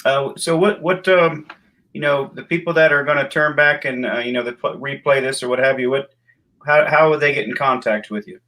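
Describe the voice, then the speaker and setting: A man co-hosting a casual chat show, talking hesitantly with many pauses and ums. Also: medium pitch, pushed and bright. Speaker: co-host.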